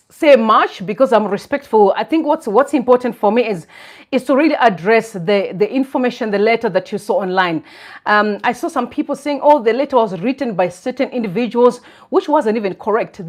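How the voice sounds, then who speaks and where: A woman hosts a casual live stream at a middling pitch. She speaks earnestly and reflectively, with soft laughs between her thoughts.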